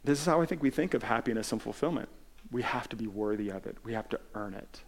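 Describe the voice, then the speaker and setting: A man's voice: mid-range voice, expressive, quick pace. A man pastor giving a conversational sermon, telling stories with many restarts and filler words.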